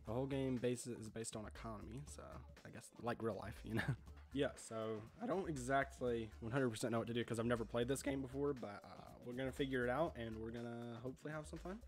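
A man's voice: mid-range voice, fast, faint music behind. A young man casually commenting on a video game he is playing, chatty and confused, laughing often. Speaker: gaming video host.

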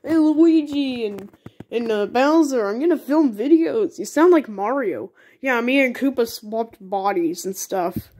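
A woman's voice: a little high, lively intonation, a little slow, a little mellow. A woman voicing all the characters of a homemade toy cartoon in a playful, goofy way. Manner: playful, goofy, talks with many restarts.

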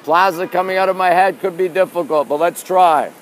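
A man's voice: high voice, fairly quick, hardly any pauses, fairly bright tone. Chatty man streaming from a rainy street. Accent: New York. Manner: chatty, greets viewers and reads comments aloud. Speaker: live streamer. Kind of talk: casual live-stream chat with viewers. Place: outdoors on a rainy city street at night. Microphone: phone held in one hand. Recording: faint street noise behind.

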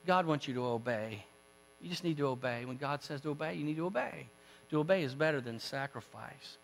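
A pastor voicing a solemn old male prophet who rebukes a king in a slow, hushed, stern warning. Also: high voice, big-room sound, soft background music, low-quality recording.

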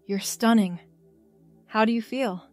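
A woman voicing a gentle, encouraging girlfriend. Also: a little high, a little slow, faint music behind, lightly acted. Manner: soft, encouraging, tender.

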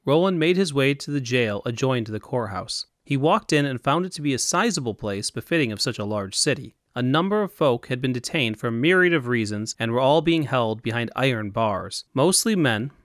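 A man's voice: medium pitch, expressive, a little fast, few pauses, fairly bright tone, no echo, clean studio sound. Man narrating a fantasy audiobook.

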